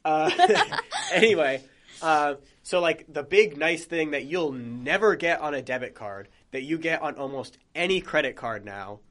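Young man, podcast co-host, casual chat, rambling, jokey, "like" fillers, mid pitch. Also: bright, forceful tone. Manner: rambling, joking, many "like" fillers.

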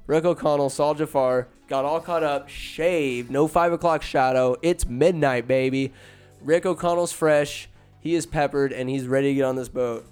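A man's voice: fairly high pitch, steady tone, measured pace, a little mellow, clean tone, soft background music. A man casually retelling a movie plot, rambling and joking with profane, slangy asides. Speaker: film recapper.

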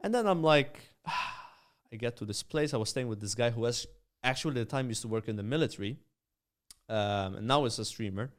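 A young man from Malta, a podcast guest telling rambling, animated anecdotes full of fillers. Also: medium pitch, a little fast. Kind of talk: casual storytelling.

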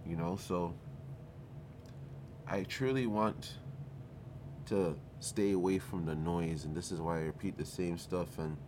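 A man's voice: low voice, level tone, normal speed, hardly any pauses, background noise. A man delivers a loose motivational monologue on his podcast. He talks casually and with emphasis, and he swears freely. He comes across as loose and fired up. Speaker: podcast host.

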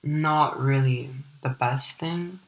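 A teenage girl from Ukraine with a deep voice, hosting a personal podcast and telling her story in a candid, rambling way full of "like" fillers. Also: takes it slowly, reverberant, low-quality recording. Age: teens. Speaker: podcast host.

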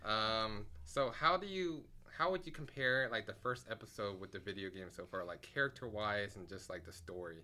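A man hosting a casual podcast, upbeat and quick to laugh, often stumbling over and repeating words. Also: lowish voice, bright, forceful tone. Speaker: podcast host.

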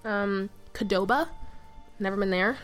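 A young woman talks alone into a mic propped on her knee while she sits on her bed, hosting her own chatty podcast. She rambles, piles on fillers and keeps correcting and interrupting herself. Her voice sits at an ordinary pitch for a woman, with faint music underneath. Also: slow pace, fairly bright tone. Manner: chatty, scattered, filler-heavy, self-interrupting. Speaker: podcast host. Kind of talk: rambling solo podcast chat. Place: sitting on her bed at home. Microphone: mic balanced on her knee.

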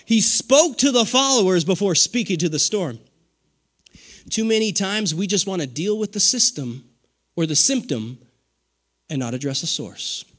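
A man in his forties preaching a sermon, animated, with call-and-response and laughter. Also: high-pitched, normal speed, husky. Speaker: pastor.

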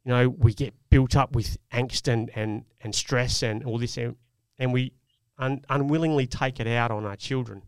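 Earnest man, smooth clear voice. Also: medium pitch, steady tone, normal speed, few pauses, dry recording, studio quality. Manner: earnest, reflective storytelling with many restarts. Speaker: podcast co-host. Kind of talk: casual chat.

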